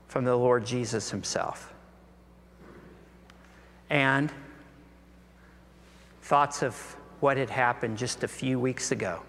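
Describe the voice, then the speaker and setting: A man's voice: medium pitch, fairly bright tone. A man preaching a sermon, earnest and full of rhetorical questions, his voice rising when he presses a point. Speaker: pastor. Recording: long hall reverb.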